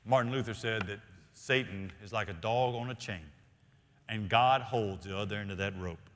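Earnest preacher man in a reverberant hall. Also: lowish voice. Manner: earnest preaching, slows and drops to quiet emphasis. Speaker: senior pastor. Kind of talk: sermon. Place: church sanctuary. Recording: long reverb of a large hall.

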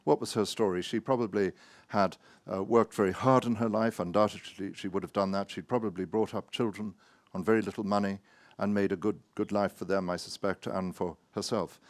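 A man, an author, giving a wry, anecdotal talk full of hesitant pauses and self-mocking asides. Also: lowish voice, fairly even intonation, no room sound.

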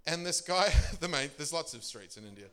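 A middle-aged man, a pastor telling testimony stories in a sermon. He laughs often and his voice leaps up for emphasis. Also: a little fast. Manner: animated storyteller, laughing often, pitch leaping for emphasis.

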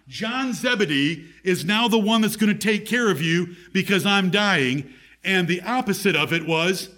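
A man's voice: high-pitched, lively intonation, measured pace, pushed and bright. A man preaching a sermon as pastor, reading scripture aloud with strong emphasis.

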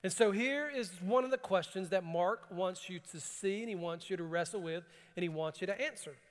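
High-voiced, emphatic preaching man in a reverberant hall. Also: fairly quick. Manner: preaches with rising, emphatic bursts and laughter, reads scripture calmly. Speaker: pastor. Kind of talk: sermon.

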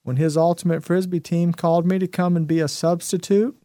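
Hosting a show, a man in his fifties gives an emphatic motivational talk, hammering home key phrases by repeating them. His voice is on the high side and warm, brisk yet flat in delivery, in a dry, studio-quality recording.

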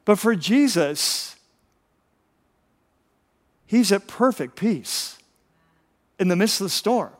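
A man's voice: high-pitched, lively intonation, slow, long pauses, big-room sound. A pastor preaching a sermon, telling a story animatedly and often repeating words as he builds up.

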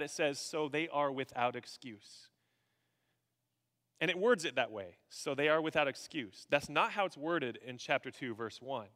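Bright-voiced pastor preaching in a hall. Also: male voice, fairly high pitch. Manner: animated, swings from loud bursts to hushed emphasis. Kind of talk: sermon.

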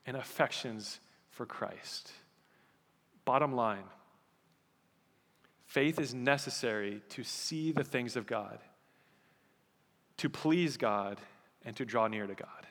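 A man preaching a sermon as pastor, moving from quiet storytelling to loud, fervent pleading. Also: medium pitch, slow pace, long pauses, in a large hall. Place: church sanctuary.

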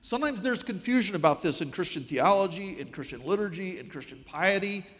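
A man preaching a sermon, telling a story with wry, animated delivery. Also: sits high, a little fast, in a large hall.

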